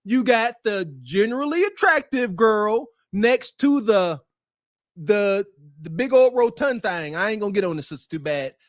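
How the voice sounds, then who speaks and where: A man co-hosting a podcast, reacting to street interview clips with animated, laughing, mocking commentary. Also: high voice, moderate pace, no room sound, studio quality. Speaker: podcast co-host.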